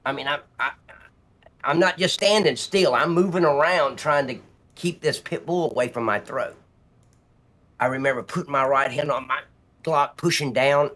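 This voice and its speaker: A police officer speaking as a guest on a live stream, telling a personal story in a vivid, blunt way with some swearing. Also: male voice, medium pitch, moderate pace, a bit bright.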